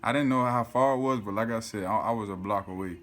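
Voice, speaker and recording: Animated man telling a story. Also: lowish voice, fast. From South Florida. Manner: animated, swears often, keeps saying "you feel me". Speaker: vlogger. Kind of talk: casual storytelling to camera.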